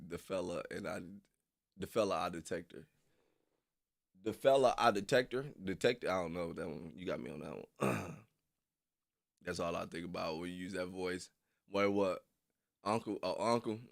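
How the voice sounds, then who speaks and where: Young man, casual stream chat, slangy, laughing a lot, gravelly fry. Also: fairly bright tone. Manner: loose, laughs often, slangy, jumps into high squeals. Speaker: streamer reacting to videos. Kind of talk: casual chat with live viewers.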